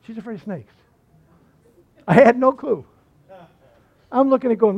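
High-voiced man preaching a folksy sermon. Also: expressive, moderate pace, long pauses. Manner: folksy storytelling with repeated phrases and asides. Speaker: pastor. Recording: slightly muffled recording.

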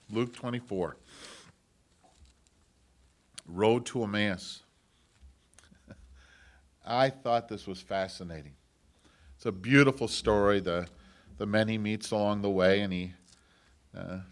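A man preaching a sermon, moving between loud, impassioned lines and hushed, near-whispered quotes of God speaking. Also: lowish voice. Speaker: pastor.

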